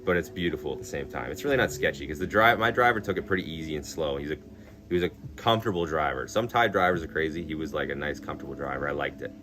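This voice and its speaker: A man's voice: a bass voice, fast talker. A young man chatting casually on a live stream, blunt and swearing a lot, filling his talk with "like". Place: outdoors in a town at night. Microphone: phone. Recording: music playing behind.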